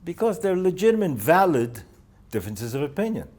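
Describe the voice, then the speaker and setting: An older man, a rosh yeshiva, giving a holiday talk to students, telling stories with dry humor and pausing often with "uh.". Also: on the high side, big pitch swings, a little mellow. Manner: halting, with frequent "uh" fillers. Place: yeshiva in Jerusalem.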